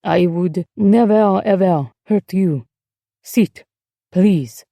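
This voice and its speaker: A woman's voice: fairly low pitch, very slow, creaky, warm tone, no room sound, full character voice. Woman reading as a weary, secretive husband. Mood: guarded. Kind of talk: audiobook dialogue reading.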